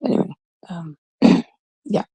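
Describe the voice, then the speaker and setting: A woman's voice: slow, warm tone, low-quality recording. A woman in her thirties, a host from Canada, telling a rambling, casual story full of swearing and quoted voices. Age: 30s.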